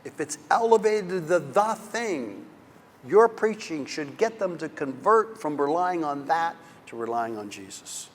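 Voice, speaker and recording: A man giving a conference lecture on preaching, telling stories in an animated, emphatic way. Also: on the high side, measured pace, in a large hall, a little hiss or hum.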